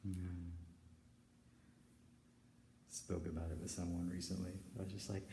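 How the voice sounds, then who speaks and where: A man giving a rambling spiritual confession, slipping between hushed whispers and loud declarations, recorded in a stairwell. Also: sits low, little pitch movement, unhurried, long pauses, slight background noise. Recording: echoey stairwell with long reverb.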